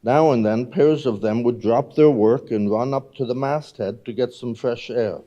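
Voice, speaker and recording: A man reads a classic novel aloud at a public marathon reading. His voice is mellow and mid-pitched, and he reads in a steady, plain way. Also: normal speed, dull audio. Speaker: volunteer reader.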